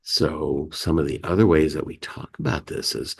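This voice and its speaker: A man with a gravelly, husky bass voice talks at normal speed while hosting a community meeting. Teaching life skills about feelings, he's conversational, leaning on "you know" and "right," and animated, acting out emotion words with gasps and sighs.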